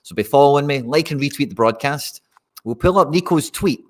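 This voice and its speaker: A man's voice: on the high side, animated, a little fast. A Scottish man hosting a live fantasy football stream, chatting casually and talking straight to his viewers. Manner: chatty, addresses viewers directly.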